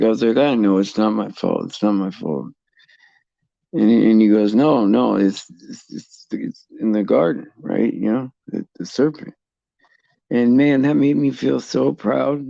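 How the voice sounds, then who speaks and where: A middle-aged man hosting a casual faith talk for viewers, halting and repeating words as he restarts his sentences. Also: fairly low pitch, vocal fry, mellow, no echo, highs cut off. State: tearful at times. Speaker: host.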